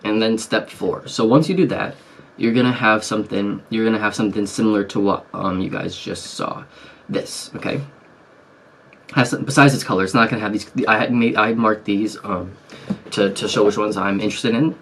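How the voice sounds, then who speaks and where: A man's voice: fairly low pitch, moderate pace, fairly bright tone. A man casually explaining an online selling method to his viewers, rambling with frequent fillers and restarts. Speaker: YouTube business vlogger. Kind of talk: casual tutorial chat.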